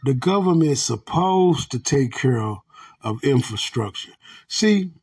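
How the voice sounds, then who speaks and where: A man's voice: medium pitch, expressive, unhurried, darkish tone, slightly rough. An American man hosting a podcast, ranting bluntly with heavy profanity and calling his listeners family. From United States. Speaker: podcast host. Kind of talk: angry ranting commentary.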